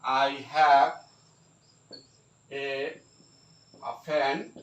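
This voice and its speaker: Slow, halting man teaching grammar. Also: mid-range voice, flat delivery, highs cut off. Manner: slow, halting, many fillers and repeated phrases. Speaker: English teacher. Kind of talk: grammar lesson. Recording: echoey room, mic at a distance.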